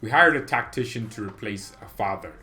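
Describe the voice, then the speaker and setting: A man hosting a football fan channel, talking in a rambling, opinionated way with sudden excited jumps in pitch and loudness and frequent laughs. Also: a little fast. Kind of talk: casual fan reaction vlog.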